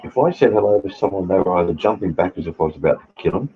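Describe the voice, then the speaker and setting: A man's voice: deep voice, expressive, rapid-fire, muffled recording. A man, chatting casually and rambling with hesitant fillers. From Australia. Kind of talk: casual chat.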